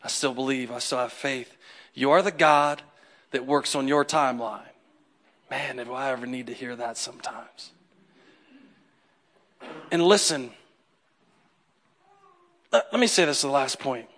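A man preaching a sermon in a conversational, animated way, acting out the people in his stories. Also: mid-range voice, measured pace, pauses often. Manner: animated, conversational, acts out quotes. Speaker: pastor.

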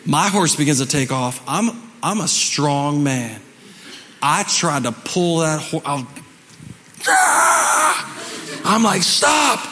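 A man preaching a sermon as pastor, telling stories dramatically and swinging between shouting and hushed, quiet lines. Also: a little high, unhurried, long reverb tail, noisy background. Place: church sanctuary.

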